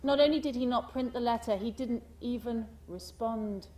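A woman giving a speech to an audience, animated and full of rhetorical questions, mimicking the people in her stories. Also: a little high, normal speed, recorded from a distance. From United Kingdom. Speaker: speaker giving a talk.

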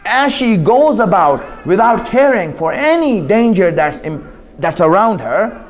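Male preacher, high voice, impassioned sermon delivery, dramatic swings from loud to hushed. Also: big pitch swings, a little slow, a little hiss or hum. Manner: impassioned, rising and falling between loud pleas and hushed asides.

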